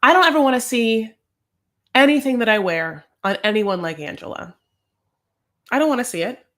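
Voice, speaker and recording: A woman's voice: on the high side, animated, moderate pace, fairly bright tone. An American woman hosting a casual recap, talking in a chatty, gossipy, sassy way. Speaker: host. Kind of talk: casual reality-show recap.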